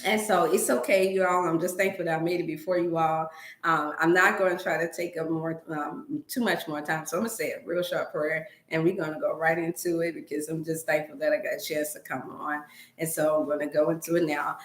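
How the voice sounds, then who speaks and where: In a roomy home setting, a middle-aged woman with a low, steady voice talks briskly during her wellness livestream. She wanders through folksy chatter and leads a prayer.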